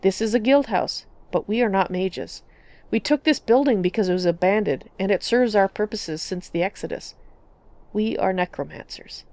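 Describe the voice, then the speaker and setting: A calm, stoic Nord man , read by a woman explains things plainly and evenly. The voice is close and dry, from a game roleplay. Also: mid-range voice, normal speed, no room sound, natural voice. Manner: stoic, matter-of-fact. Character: stoic middle-aged Nord man necromancer.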